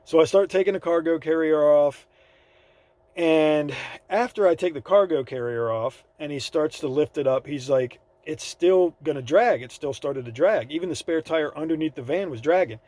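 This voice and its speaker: A man's voice: a little high, moderate pace, darkish tone, no echo. A man vlogging in a casual, rambling storytelling way, acting out the people in his story, with plenty of fillers. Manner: rambling, laid-back storytelling with fillers and quoted dialogue. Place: by his van on the side of the road.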